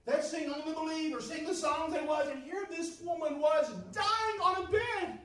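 Male preacher, storytelling sermon that builds to shouting, high voice, heavy room echo. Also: normal speed. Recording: echoey hall from far off.

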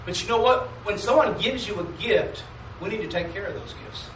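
Preaching in call-and-response style, a high-voiced man asks "Amen?" and stretches out mock King James commandments in a slow drawl during a homey sermon. His slightly bright voice, far from the mic, echoes around the church sanctuary, and a faint hum lies beneath.

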